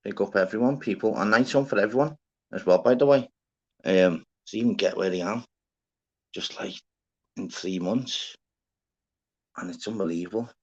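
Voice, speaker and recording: A man hosting a live stream, chatting casually, shouting out viewers and swearing freely. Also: lowish voice, moderate pace, long pauses, slightly rough. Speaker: livestream host. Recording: dull lo-fi stream audio.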